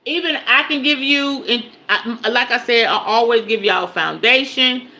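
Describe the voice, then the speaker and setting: On a livestream, a woman with a slightly high, pushed and bright voice offers a spiritual teaching at normal speed. Her manner is conversational as she frequently checks in with viewers and restates her main points for emphasis.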